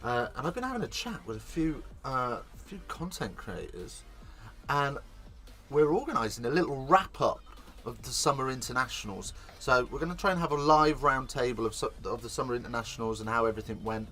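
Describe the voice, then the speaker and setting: A man hosting a live watch-along commentary, chatty and excitable, swearing casually. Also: medium pitch, a little fast, faint music behind. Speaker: host.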